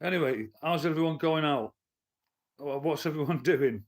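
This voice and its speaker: A man's voice: a little high, normal speed. A man, ranting bluntly and with swearing to his live-stream chat from his living room. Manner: blunt, profane, heated. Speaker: livestreamer and commentator.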